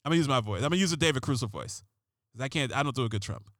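Man, radio host, sarcastic ranting, rambling, repeats words, middling pitch, dry close mic. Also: expressive, racing, no room sound. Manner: rambling and sarcastic, repeats and restarts words, jumps louder and higher on punchlines. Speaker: radio talk show host. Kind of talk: comedic political rant.

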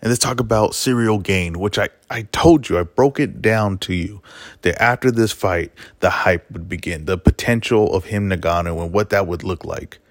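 A man's voice: low voice, normal speed, no echo, studio quality. A man hosting his own podcast, giving an emphatic, opinionated monologue and often correcting himself mid-sentence. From Mexican heritage. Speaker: podcast host. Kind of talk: solo podcast monologue on fights.

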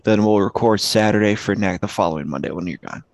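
A man's voice: fairly low pitch, fast, no echo. A man co-hosting a podcast in easygoing casual chat, saying "dude" and "man". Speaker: podcast co-host.

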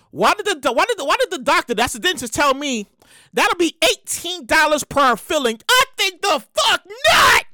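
High-pitched, animated woman ranting. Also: normal speed, pauses often, no room sound. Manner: profane, repeats herself, exasperated. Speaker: podcast host. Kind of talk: casual comedic rant.

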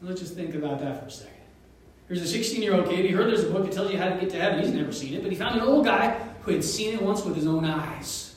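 A male pastor preaching a sermon, telling a story with animated asides, chuckles and pauses. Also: high voice, heavy reverb, recorded from a distance, slight background noise, poor audio. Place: church sanctuary.

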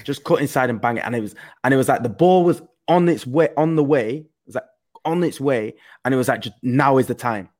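A man in a casual podcast chat, telling a story in an earnest way and often dropping soft. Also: medium pitch, brisk.

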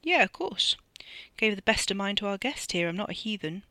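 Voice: mid-range voice, very animated, brisk, bright, forceful tone, dry recording. A reader voicing a cocky monster of a young man. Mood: teasing. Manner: brash, swaggering and offhand.

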